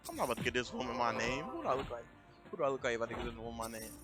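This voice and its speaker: A young American man tells a story on a stream at his desk mic, rambling and animated, looping back over the same points. His voice sits mid-range, with music playing clearly behind him. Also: medium pitch, very fast. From United States. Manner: rambling, repeats himself, animated. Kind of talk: casual storytelling.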